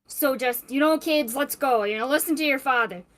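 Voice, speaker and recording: A woman voicing a goofy jokester man who plays at being everyone's father, loud and teasing. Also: sits high, moderate pace. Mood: mock-paternal. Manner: loud, teasing, mock-paternal.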